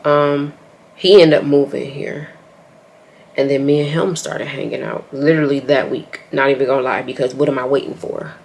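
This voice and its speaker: Young woman, African American English accent, gravelly, story time vlog on a tripod camera at home, slight noise. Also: low voice. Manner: chatty, talks straight to viewers as y'all. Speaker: beauty vlogger telling a story. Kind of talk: casual story time while doing makeup.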